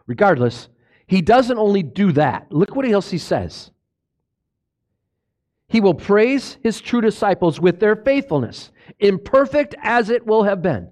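A man preaching a sermon, asking the congregation questions and swinging between hushed low lines and loud exclamations. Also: sing-song, slow. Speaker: pastor.

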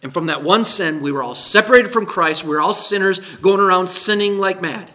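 A man's voice: sits high, fairly quick, sharp tone. A man preaching a sermon as pastor, emphatic, putting questions to the congregation.

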